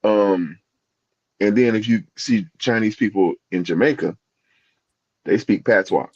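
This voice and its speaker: A man's voice: lowish voice, unhurried, darkish tone, slightly rough, no room sound, lo-fi sound. A man co-hosting a podcast in casual chat, rambling and restarting as he searches for words. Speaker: podcast co-host.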